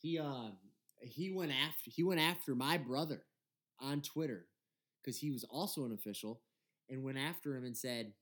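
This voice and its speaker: A young man in his twenties co-hosts a casual podcast chat. He tells his side of a story in an animated way, laughing often and swearing freely. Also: mid-range voice, normal speed. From Michigan. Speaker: podcast co-host.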